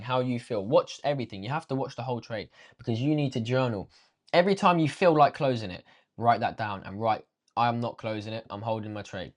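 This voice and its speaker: A young man teaching a casual trading lesson, slangy and swearing freely, talking straight to viewers. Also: medium pitch. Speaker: trading coach.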